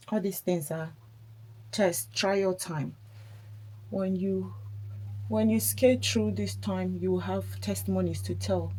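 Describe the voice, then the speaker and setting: A woman's voice: on the low side, a little mellow, slightly rough. A woman chatting casually while doing her makeup, a mother talking in a reflective, encouraging way. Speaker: beauty vlogger, mother.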